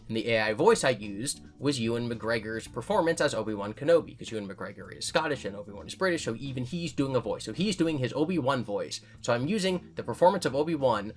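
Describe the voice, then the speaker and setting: A man giving casual commentary as a YouTuber, answering viewer comments in a candid, self-correcting way. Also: mid-range voice. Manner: candid, self-correcting, talks things through.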